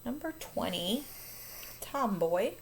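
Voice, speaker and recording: A woman's voice: mid-range voice, big pitch swings, takes it slowly, slight background noise. A woman teacher walking children through a phonics lesson, upbeat and patient, catching and fixing her own slips. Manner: upbeat, patient, self-correcting.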